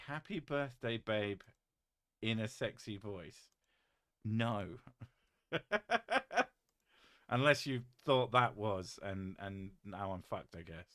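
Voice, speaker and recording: Reading his live stream chat aloud, a British man with a lowish voice keeps things casual, deadpan and jokey, with some swearing. The recording is clean, studio-grade and echo-free.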